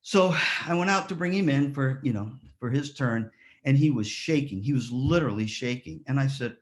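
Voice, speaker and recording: Lively storytelling man at a ceremony. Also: mid-range voice, moderate pace. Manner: lively storyteller, rhetorical questions, acts out quotes. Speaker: ceremony speaker. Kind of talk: motivational speech with stories.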